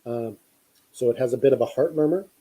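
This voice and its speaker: A man spins a story in a relaxed, meandering way, stopping and starting with lots of filler words. His voice is very dark and husky. He sounds like a podcast host chatting across the table. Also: mid-range voice, brisk, rough recording. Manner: rambling, many fillers and restarts. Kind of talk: casual storytelling.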